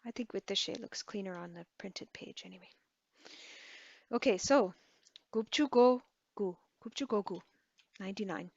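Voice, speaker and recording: A woman's voice: mid-range voice, moderate pace, creaky, pauses often, husky, no echo, highs cut off. A woman teaching a language lesson, patiently repeating words and correcting herself as she writes. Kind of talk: slow lesson, writing while explaining.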